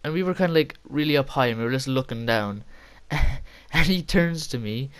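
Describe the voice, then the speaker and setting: A man's voice: medium pitch, lively intonation, moderate pace, smooth. A young man telling a casual, rambling story with frequent laughter and casual swearing. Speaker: vlogger.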